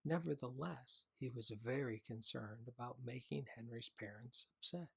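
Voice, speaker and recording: Slow, gentle male storyteller. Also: mid-range voice, vocal fry, breathy edge. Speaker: narrator. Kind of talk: children's audiobook narration.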